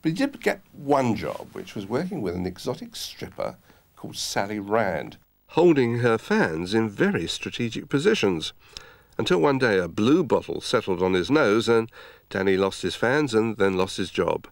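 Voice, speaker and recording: Male documentary narrator, wry storytelling, lowish voice with lively rise and fall. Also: moderate pace, creaky.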